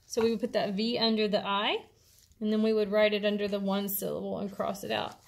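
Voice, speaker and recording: A woman's voice: mid-range voice, level tone, fairly quick, creaky. A woman teacher, patiently explaining a worksheet step by step to her students. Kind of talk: classroom instruction video.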